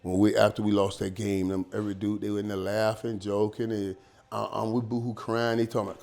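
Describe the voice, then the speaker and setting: Animated middle-aged man telling stories. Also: fairly low pitch, a little fast, gravelly. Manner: animated, repeats words, peppers talk with "man" and "dog". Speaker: interview guest, former pro football player. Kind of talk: casual storytelling in an interview.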